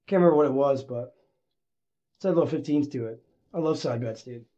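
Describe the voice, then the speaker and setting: A man livestreams his gambling and swings from low, muttered gloom to loud, shouted hype, swearing all the while. He talks a little fast, and the audio's high frequencies are cut off.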